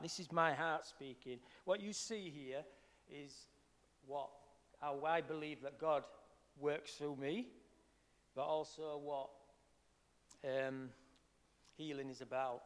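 Earnest Yorkshire man in a reverberant hall. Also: a little high. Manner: earnest, heartfelt, swings between soft and emphatic. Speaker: healing minister. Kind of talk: personal testimony talk.

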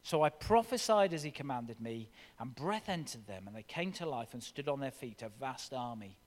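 A man preaching a sermon with expressive, dramatic scripture reading in a church. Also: medium pitch, normal speed. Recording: long reverb of a large hall.

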